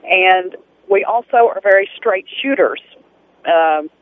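Polite Texan caller on a phone line. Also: male voice, sits high, slow pace. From Texas. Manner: polite, hesitant, many fillers. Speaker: radio caller.

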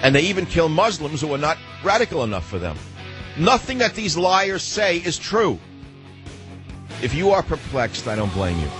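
A man's voice: fairly high pitch, huge pitch swings, normal speed, music in the background. An older man hosting a talk radio show, ranting sarcastically with mocking rhetorical questions. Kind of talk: combative talk radio monologue.

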